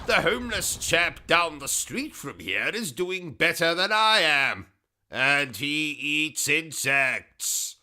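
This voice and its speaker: A man's voice: medium pitch, sharp tone. A British man hosting a gaming livestream, ranting and trading insults in a pompous, over-the-top comic persona. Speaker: gaming channel host. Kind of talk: comedic livestream commentary.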